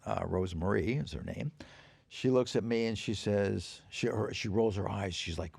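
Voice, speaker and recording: A man guesting on a podcast, telling anecdotes in an animated, profane way and acting out the people in them. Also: on the low side, normal speed, creaky, husky. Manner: animated, profane storyteller who acts out quoted dialogue. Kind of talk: anecdotal storytelling. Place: podcast stage.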